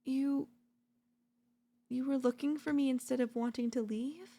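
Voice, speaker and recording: A woman voicing a possessive, doting yandere girlfriend in a whispered role-play, talking softly and slowly at a close mic. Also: high-pitched, fairly even intonation. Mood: flustered. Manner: soft, possessive, doting, slow and lingering. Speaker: voice actor.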